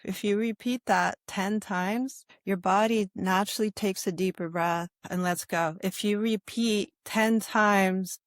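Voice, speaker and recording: A woman yoga instructor talking in a calm interview, with a soothing, guiding manner and a habit of asking "right?". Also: mid-range voice, unhurried, few pauses, no room sound, studio quality. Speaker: yoga instructor and sobriety guest. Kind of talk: calm conversational interview talk.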